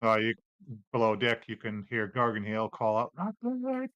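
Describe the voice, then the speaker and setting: A man narrating as game master of a tabletop game, relaxed and laughing often. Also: lowish voice, moderate pace, smooth, dry recording, lo-fi sound.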